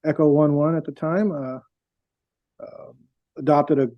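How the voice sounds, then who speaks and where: A man's voice: a little high, steady tone, measured pace, dry recording. A middle-aged man, a veteran guest, tells his stories in a casual, rambling way with many fillers and restarts. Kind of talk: casual storytelling. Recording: dull, dry lo-fi sound.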